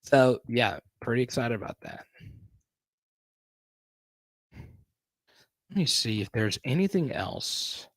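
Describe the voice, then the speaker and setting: A man's voice: mid-range voice, very animated, slow, pauses often, dry recording. A man hosting a casual live stream, chatting and reading viewer comments aloud.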